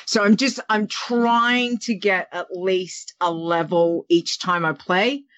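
A woman's voice: medium pitch, takes it slowly, fairly bright tone. A woman in a casual podcast chat, rambling and chatty, restarting her sentences and adding asides. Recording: dull lo-fi audio.

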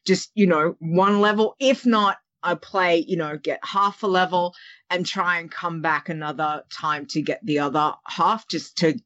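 A woman's voice: lowish voice, steady tone, measured pace, a bit bright. A woman in a casual podcast chat, rambling and chatty, restarting her sentences and adding asides. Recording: dull lo-fi audio.

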